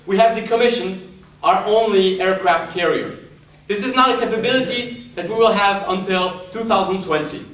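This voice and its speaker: A man with a high voice speaks in a formal, rhetorical debating manner. He sounds far from the mic in a strongly echoing hall. Faint background noise sits underneath. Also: fairly bright tone. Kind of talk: formal competitive debate speech.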